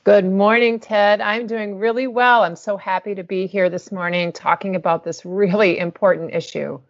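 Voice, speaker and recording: A woman's voice: mid-range voice, fairly even intonation, moderate pace, no room sound, lo-fi sound. A woman being interviewed as a guest, sounding upbeat and eager.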